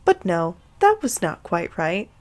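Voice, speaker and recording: A woman's voice: fairly low pitch, big pitch swings, unhurried. A young woman giving a comic, mock-earnest reading of fanfiction, breaking off for swearing asides. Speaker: reader of fanfiction.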